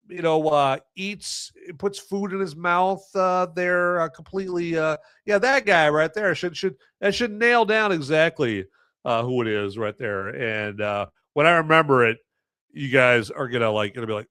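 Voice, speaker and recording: A man's voice: fairly high pitch, animated, unhurried, bright, forceful tone, clean tone, dry recording, studio quality. Rambling, jokey male podcast host. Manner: rambling and self-mocking, jokey asides. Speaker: podcast host reviewing movies and beer. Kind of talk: casual live-stream chat.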